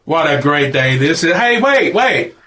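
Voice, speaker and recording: A man's voice: medium pitch, lively intonation, measured pace, sharp tone, a little hiss or hum. A man voicing a naive, friendly shapeshifting space creature with a put-on Australian accent, cheery and childlike. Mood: delighted.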